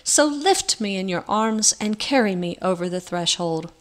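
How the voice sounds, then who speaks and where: A woman voicing an ugly old forest crone with a crackling, croaking voice. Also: mid-range voice, expressive, measured pace, lightly acted. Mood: wheedling.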